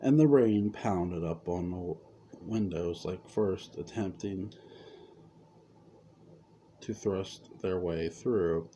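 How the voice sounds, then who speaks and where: A man reading a serialized story aloud as narrator, unhurried, with occasional stumbles over words. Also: sits low, dark tone, a little hiss or hum. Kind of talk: reading fan fiction aloud.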